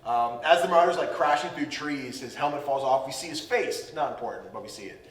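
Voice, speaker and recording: A man's voice: medium pitch, lively intonation, a little fast, echoey room, distant mic, slight background noise, rough recording. A man hosting a casual podcast, animatedly recapping a movie and acting out the characters in silly voices. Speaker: podcast host.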